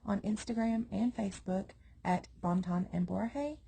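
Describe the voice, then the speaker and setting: A woman reading a scripted podcast outro in a steady, matter-of-fact way. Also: medium pitch, a little slow, gravelly, slight background noise.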